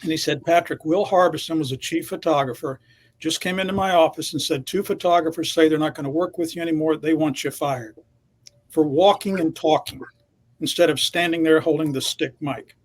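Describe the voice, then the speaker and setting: Slightly high-voiced man in his sixties. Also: brisk. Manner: confident, emphatic anecdote teller. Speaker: TV reporter guest. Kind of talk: storytelling in interview.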